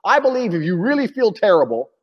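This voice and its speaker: A man's voice: sits high, sing-song, fast talker. A man in casual chat as a podcast guest, blunt and provocative, swearing and acting out the voices of people he quotes. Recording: dull lo-fi audio with long reverb.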